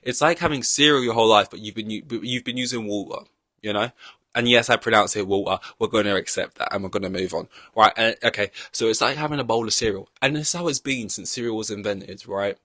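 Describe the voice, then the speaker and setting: Rambling young man, low voice. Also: fast, bright, forceful tone, dry recording. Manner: rambling, long-winded, self-mocking. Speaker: podcast host. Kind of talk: casual chat.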